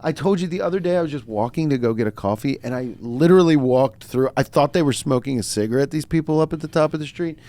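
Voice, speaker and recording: A man hosting a podcast, telling a story in casual comedic chat, swearing and jumping up to shouted outrage. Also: a little high, fast, hardly any pauses. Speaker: podcast host.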